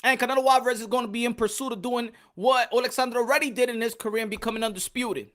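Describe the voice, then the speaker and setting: A man's voice: extremely high pitch, very fast. A man hosting a live boxing stream, chatting casually and animatedly, repeating himself and greeting viewers in the chat. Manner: animated, repetitive, shouting out chat names. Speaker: boxing channel host.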